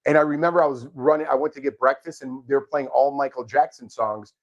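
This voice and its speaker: A middle-aged man co-hosts a relaxed live show and drifts through long personal stories. He rambles and gets sentimental as he talks. His voice sits at an ordinary middle pitch. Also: fast talker, muffled recording. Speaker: co-host of a reality TV podcast. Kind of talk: casual live-stream chat.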